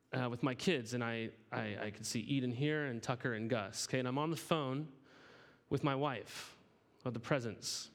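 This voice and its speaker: A man's voice: medium pitch, fairly bright tone. A man in his thirties preaching a sermon in an earnest, conversational way, often repeating words as he starts a sentence. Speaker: pastor.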